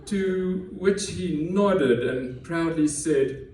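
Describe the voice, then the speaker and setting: A man's voice: fairly high pitch, extremely slow, darkish tone, slight background noise. A man telling a personal story on stage before a live audience, conversational and self-deprecating, often restarting his words. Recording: echoey room, heard from a distance, faint ambience.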